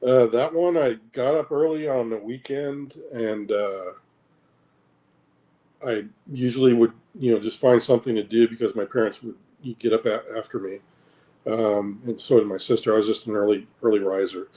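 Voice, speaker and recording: A middle-aged man from the United States tells his story as an interview guest, pausing, repeating himself and filling gaps with ums. His voice is mellow and soft-edged, at an ordinary pitch. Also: steady tone. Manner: hesitant, repeats words, many fillers. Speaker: interview guest, military veteran. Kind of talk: casual recounting of personal experiences.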